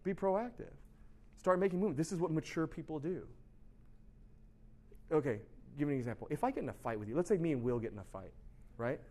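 A man giving a casual, animated sermon as a pastor, often asking "right?" and laughing at himself. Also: a little high, brisk, long pauses. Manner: chatty, animated, constant rhetorical "right?"; laughs at himself, shouts for emphasis.

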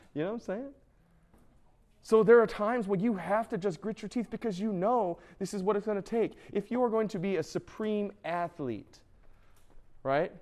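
A man in his thirties gives a youth sermon in a conversational, animated way. He talks to the teens directly, stops to ask "right?", and sometimes lifts his voice to act out what they would say. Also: on the high side. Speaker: youth pastor.

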